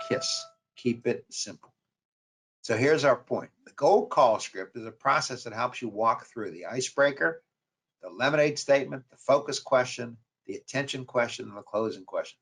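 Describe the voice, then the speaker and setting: A man's voice: mid-range voice, expressive, fairly quick, fairly bright tone, husky. A man with a New York accent giving a webinar lecture on sales calls, repeating key points with emphasis. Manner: repetitive, emphatic coaching delivery. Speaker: marketing professor.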